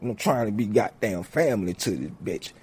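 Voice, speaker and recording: Husky guy telling a cussing funny story, voice jumps all over. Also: fairly low pitch, fairly quick. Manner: swears heavily, animated, acts out each character. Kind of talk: profane comedic storytelling.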